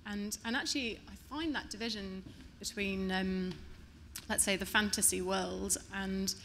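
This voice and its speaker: Hesitant woman poet, bright-toned. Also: medium pitch, fairly even intonation, a little slow, a little hiss or hum. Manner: hesitant, many restarts and fillers. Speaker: poet on a panel. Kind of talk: unscripted panel answer.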